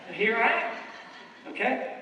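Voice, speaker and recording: A middle-aged man from New York giving an animated motivational speech on stage, telling stories and drawing the audience into call-and-response. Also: very high voice, takes it slowly, slight background noise. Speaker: keynote speaker. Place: large hall on stage. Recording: echoey hall from far off.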